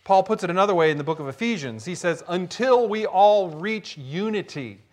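A man preaching a sermon as pastor, telling a story with animated shouts. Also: high voice, moderate pace.

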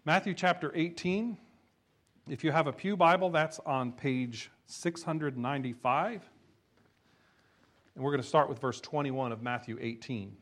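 A man's voice: on the high side, a little slow. A male pastor reading scripture and preaching in a conversational way with rhetorical asides. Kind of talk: sermon.

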